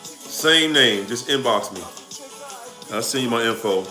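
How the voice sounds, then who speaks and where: Bright and forceful, with an expressive, unhurried delivery at medium pitch, a man with a Washington DC accent hosts a casual livestream. He greets viewers according to where they tune in from and draws out his hype over background music in an echoey space.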